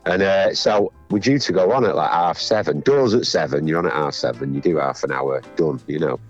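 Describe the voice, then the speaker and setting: Very deep-voiced Northern English man. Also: fairly quick. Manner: rambling anecdotal storytelling with many fillers. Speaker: musician guest. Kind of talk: casual chat. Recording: dull lo-fi sound, faint music.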